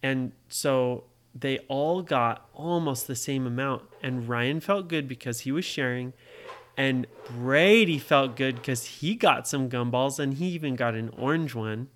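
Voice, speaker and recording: A parent telling a made-up story to a child, pausing to ask the child questions. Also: mid-range voice, a bit bright. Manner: slow, asks the listening child questions. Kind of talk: bedtime story told to a child.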